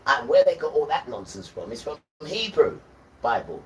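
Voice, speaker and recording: A man's voice: a little high, sing-song, normal speed, far from the mic, slight background noise, rough recording. Emphatic man preaching on a livestream. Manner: emphatic, lecturing, chuckling asides. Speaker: livestream host.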